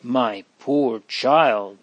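A man voicing a kind, motherly young Frenchwoman who speaks gently and tenderly, in a dry recording. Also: mid-range voice, normal speed, no room sound, lo-fi sound, lightly acted.

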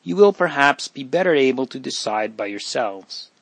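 A kindly minister who speaks softly and in measured phrases, voiced by a man reading aloud. The voice sits mid-range for a man. It is recorded dry and close. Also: mid-range voice, lively intonation, no room sound. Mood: gentle. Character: kindly older male minister, gentle and sad.

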